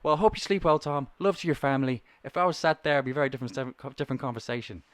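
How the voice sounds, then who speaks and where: A man putting on the voice of an angry Irish male caller who shouts and threatens. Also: medium pitch, rapid-fire, clean tone, no echo, clean studio sound, voice pushed up, lightly acted. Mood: irate. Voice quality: loud, shouting indignation.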